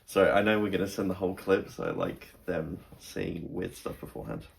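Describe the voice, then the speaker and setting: A man's voice: deep voice, big pitch swings, brisk, vocal fry. Fumbling joking guest man. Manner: joking, fumbling, self-deprecating. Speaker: guest presenter. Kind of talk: casual chat.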